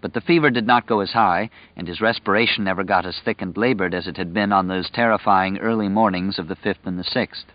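Low-voiced male audiobook narrator. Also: fairly quick, few pauses, no echo. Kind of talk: scripted narration. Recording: dull lo-fi dry recording.

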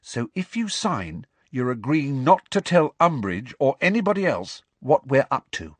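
Male reader doing a bright, impatient schoolgirl, snappish, lively pitch, dry close sound. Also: measured pace, dry recording. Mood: brisk. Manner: tart, clipped, insistent. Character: bossy clever schoolgirl witch, impatient.

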